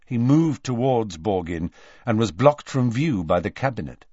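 A man narrating a storybook aloud in a measured, expressive reading. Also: lowish voice, breathy edge, dry recording, highs cut off. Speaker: audiobook narrator. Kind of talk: scripted narration.

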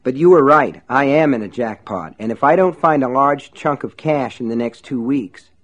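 A man's voice: medium pitch, animated, moderate pace, fairly bright tone. A man doing a dazed, hot-tempered small-town guy. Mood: pleading. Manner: thick, sleepy, then furious.

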